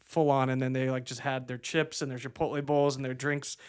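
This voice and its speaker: A man's voice: mid-range voice, level tone, a little fast, clear, resonant tone. A young man co-hosting a podcast, telling stories in a rambling way with lots of hesitant fillers. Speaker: podcast co-host. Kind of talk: casual chat.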